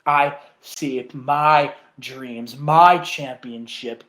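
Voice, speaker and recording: A man voicing a disheveled, bitter wrestling villain with a low, brooding, resentful delivery. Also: fairly even intonation, extremely slow, a bit bright.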